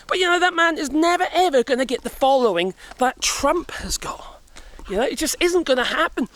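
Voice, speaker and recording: A man's voice: extremely high pitch, a bit bright. A middle-aged man from Europe chatting casually outdoors while walking in the woods, out of breath, rambling, swearing and chuckling often. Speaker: vlogger.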